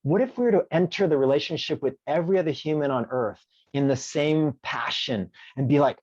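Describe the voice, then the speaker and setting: A man with a slightly raised pitch tells stories in a lively way and acts out the voices of the people he quotes. The recording is dull and dry, with little room sound. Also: a little fast, dry recording. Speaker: conflict mediator. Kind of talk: conversational interview.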